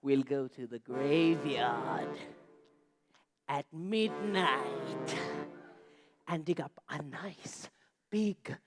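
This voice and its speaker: A woman's voice: on the high side, lively intonation, takes it slowly, loud music behind the voice. A woman playing Igor, a sly, chummy male servant, in a live stage musical with a band playing. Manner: sly, chummy, sing-song. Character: eager bug-eyed male servant Igor. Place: theatre stage.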